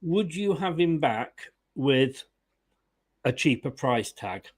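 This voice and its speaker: Speaking slowly with lively intonation and a fairly high pitch, a man hosts a casual fan channel stream. He's chatty and laughs often, greeting viewers and reading their chat comments aloud.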